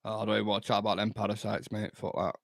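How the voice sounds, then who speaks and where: This young Manchester man's voice is low with little pitch movement, rapid-fire and full of vocal fry. He hosts a fan channel's casual football watchalong livestream, cursing and trading banter with chat while eating into a close mic.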